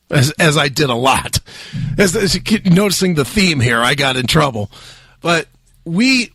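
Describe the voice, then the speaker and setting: A high-pitched, very lively man hosts a radio talk show, spinning a profane, laughing story. His voice is bright and sharp, recorded dry and close. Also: breathy edge, no echo. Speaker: radio host.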